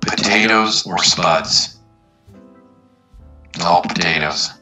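Deep, bright-toned man, measured. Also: soft background music. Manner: measured, argues with plain analogies. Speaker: interview guest, therapy researcher. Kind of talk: interview answers.

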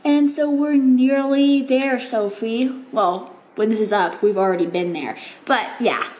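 A woman talking in a casual vlog diary at home, chatty, bubbly and quick to correct herself. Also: fairly high pitch, a little mellow, slight background noise. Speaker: vlogger and co-writer of a book.

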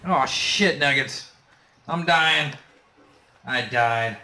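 A man of middle pitch talks easily through a co-op game session with a friend. He stays laid-back, then bursts out with a curse when something goes wrong. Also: very slow, sharp tone, soft background music. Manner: laid-back, with sudden swearing outbursts. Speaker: gamer. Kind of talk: casual co-op gameplay chat.

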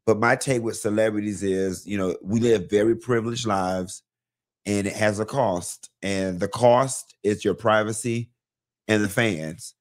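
Guy dishing celeb gossip, sassy, cussing, kinda low voice. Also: measured pace. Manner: sassy, blunt, profane, animated storytelling. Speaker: host of a live gossip show. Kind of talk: casual celebrity gossip commentary.

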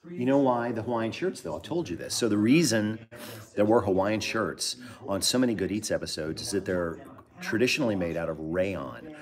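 A middle-aged man with a very low voice hosts a loose live-stream chat. He rambles from one thought to the next, reads out viewer locations, and drops dry jokes along the way. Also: expressive, moderate pace. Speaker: host.

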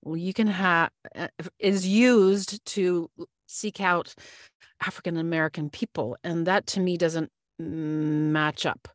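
Earnest woman host, lower voice. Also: steady tone, takes it slowly, no echo, clean studio sound. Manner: earnest, searching, many fillers. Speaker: podcast host. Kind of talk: podcast interview.

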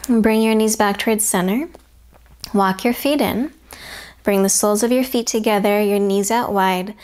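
A young adult woman teaching a yoga class, giving calm step-by-step cues and whispering some words. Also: medium pitch, moderate pace. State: slightly out of breath. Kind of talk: guided yoga class instruction.

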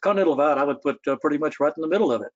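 Male historian guest, mid pitch, thoughtful storytelling delivery with fillers, lo-fi sound. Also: racing. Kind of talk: public talk.

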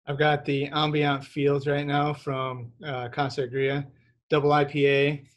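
A man's voice: a little high, little pitch movement, unhurried, a little hiss or hum. A man with a Midwestern accent co-hosting a casual podcast, speaking hesitantly, repeating words, with dry humor. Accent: Midwestern American. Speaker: podcast co-host. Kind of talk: casual chat over drinks.

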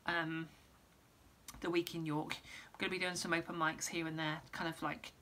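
Woman, casual vlogger, losing her voice, lowish pitch, rambly. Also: little pitch movement, normal speed, a bit bright, slight background noise. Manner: rambling, lots of ums and restarts. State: losing her voice, clearing throat. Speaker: musician giving an update. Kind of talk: casual vlog update.

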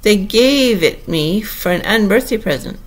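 A woman's voice: medium pitch, lively intonation, moderate pace, vocal fry. A woman reading an audiobook and voicing a pompous, touchy egg-man perched on a wall, in a raised, blustering voice. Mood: lofty. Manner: blustering, haughty, loud. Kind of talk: audiobook character voice.

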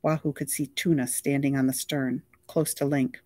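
Steady audiobook narrator, dry sound. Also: medium pitch, moderate pace, no room sound. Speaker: audiobook reader. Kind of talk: scripted novel narration.

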